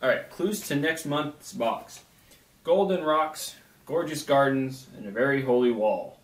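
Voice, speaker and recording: A man's voice: medium pitch, a little slow. A young man co-hosting a snack review, reading trivia aloud and joking around. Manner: playful, joking. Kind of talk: casual chat reading trivia. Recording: echoey room, mic at a distance.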